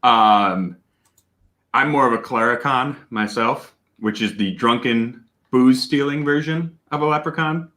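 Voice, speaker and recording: A man hosting a casual whiskey tasting livestream, talking loudly, greeting viewers and laughing often. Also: medium pitch, measured pace. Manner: loud and animated, laughs often. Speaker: host of a whiskey tasting stream.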